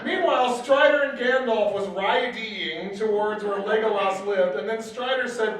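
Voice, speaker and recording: A man's voice: high voice, normal speed, few pauses, background noise. A man co-hosting a comedy panel, reading bad fanfiction aloud with sarcastic asides and hammy voices. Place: convention panel room with audience. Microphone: distant mic in a hall. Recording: echoey hall, far from mic, crowd audible.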